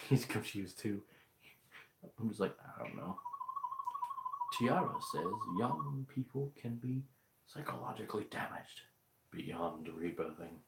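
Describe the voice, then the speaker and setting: A man's voice: fairly low pitch, measured pace, gravelly. This is a man streaming gameplay commentary, rambling and cracking crude jokes in an easy, casual way. His voice bounces around a reverberant room. A faint background hiss sits underneath. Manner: joking, profane, rambling. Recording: echoey room, faint noise.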